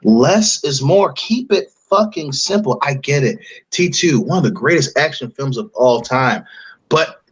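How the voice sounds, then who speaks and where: A man's voice: medium pitch, lively intonation, unhurried, breathy edge. A man co-hosting a podcast in casual chat, ranting with heavy swearing and emphatic repetition. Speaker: podcast co-host.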